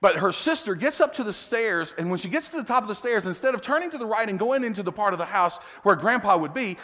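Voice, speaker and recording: A middle-aged man preaching a sermon, telling a family story with animated asides and chuckles. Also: high voice, quick pace. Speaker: pastor. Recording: long hall reverb.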